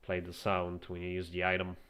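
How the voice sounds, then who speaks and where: A man with a fairly low voice talks through his gameplay at his computer, relaxed and musing aloud. He often restarts his sentences as he thinks. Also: brisk, clean tone. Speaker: streamer. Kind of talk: casual gameplay commentary.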